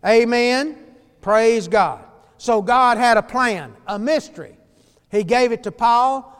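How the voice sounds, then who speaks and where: High, clear-voiced preacher man. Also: takes it slowly, in a large hall. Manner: emphatic, folksy preaching with shouted hallelujahs. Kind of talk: fiery sermon.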